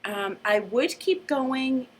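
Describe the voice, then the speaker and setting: A woman teacher reading a book aloud with a lively, shifting delivery, then summing it up casually. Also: sits high, slow, a little hiss or hum.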